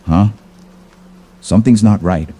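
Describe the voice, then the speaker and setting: A man's voice: deep voice, measured pace, warm tone, breathy edge. A man voicing a young male sailor on deck who is easily startled, in a spoken horror story. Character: young male sailor spotting dolphins, growing uneasy.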